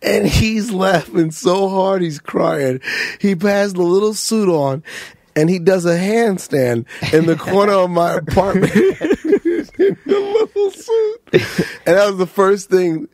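A man's voice: sits high, lively intonation, slow, a little mellow, dry recording. A man who is a guest comedian, telling stories with lots of energy, laughing as he goes and acting out other people's lines. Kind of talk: animated comic storytelling.

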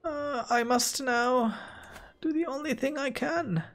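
A man putting on the voice of a theatrical, wounded medieval ruler, hushed and slow with a breathy, melodramatic delivery. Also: very high voice, pitched above the performer's own voice, heavily acted. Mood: mock-offended.

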